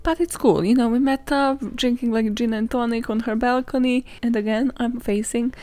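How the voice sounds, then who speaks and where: A woman's voice: a little high, fairly even intonation, moderate pace, mellow, dry recording, soft background music. A woman hosting her own podcast, telling stories in a casual, sweary and sarcastic way, often laughing and acting out quotes. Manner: dramatizes stories and acts out quotes. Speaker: podcast host. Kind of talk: casual solo podcast storytelling.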